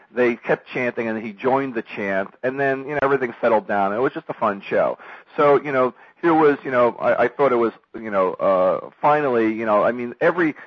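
A man with a husky, somewhat low voice recaps at length as a weekly guest, rambling and leaning on fillers. The sound is dull and lo-fi but dry, with no room echo. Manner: rambling, many fillers like "you know". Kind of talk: casual spoken commentary.

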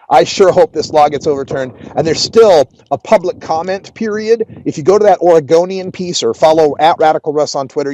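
A man's voice: on the high side, a little mellow, no room sound. A man with a Pacific Northwest accent hosting a show, chatting casually with sarcastic asides. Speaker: host. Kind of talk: casual radio commentary.

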